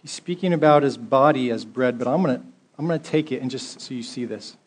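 A man's voice: medium pitch, a little fast. A male pastor preaching a sermon, reading scripture aloud and building to emphatic exhortation in a conversational way.

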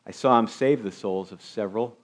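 Male pastor, lower register, preaching a New Year sermon to his church. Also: brisk. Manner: preaching with rhetorical questions to the congregation.

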